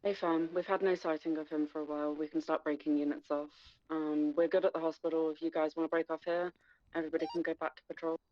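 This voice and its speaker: A woman playing a police officer in a game, giving brisk orders over radio. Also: low-pitched, level tone. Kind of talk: in-character game roleplay radio chatter. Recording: muffled game radio with faint hiss.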